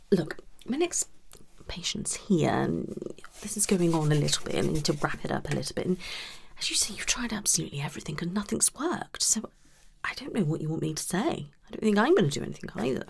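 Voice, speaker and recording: A blunt, dismissive psychologist, put on by a woman, in a whispered role-play. The breathy voice sits low with a gravelly edge, swinging up and down as she rambles. Her manner is careless and off-hand. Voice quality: soft, breathy. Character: blunt unprofessional female psychologist. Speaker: ASMR creator.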